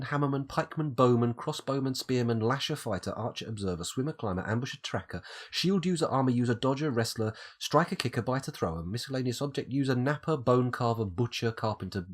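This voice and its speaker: A British man streaming live gameplay, his voice husky and breathy from a cold. He thinks aloud and mulls over each option, and his pitch swings up and down in a lively way. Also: brisk. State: has a cold, coughing.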